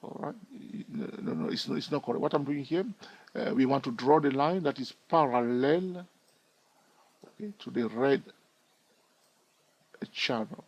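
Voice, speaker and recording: A man's voice: mid-range voice, a little slow, pauses often, a little mellow, no room sound, muffled recording. A man giving a screen-recorded chart tutorial in a chatty way, thinking aloud and asking his viewers questions. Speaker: trading educator.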